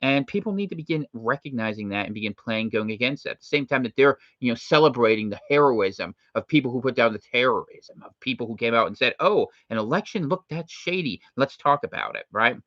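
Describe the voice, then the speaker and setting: A man hosting unscripted commentary, jokey and animated, with quick impressions thrown in. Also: medium pitch, no room sound. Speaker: host. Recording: dry, slightly muffled lo-fi recording.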